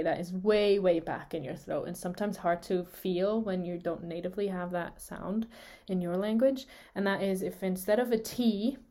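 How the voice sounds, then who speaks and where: A woman's voice: lowish voice, mellow. A woman, a native Swiss German speaker, co-hosting a podcast and explaining how consonants are made, demonstrating the sounds aloud and laughing often. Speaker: co-host explaining speech sounds. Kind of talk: podcast lesson, casual chat.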